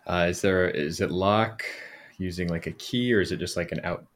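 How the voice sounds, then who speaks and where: A man playing a tabletop game, speaking in a halting, hesitant way. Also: sits low. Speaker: player.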